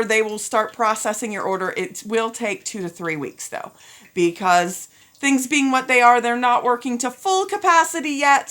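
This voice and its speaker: A woman school principal giving end-of-year announcements, upbeat and encouraging, getting a little teary as she talks to students and parents. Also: on the high side. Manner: upbeat, addresses students as ladies and gentlemen.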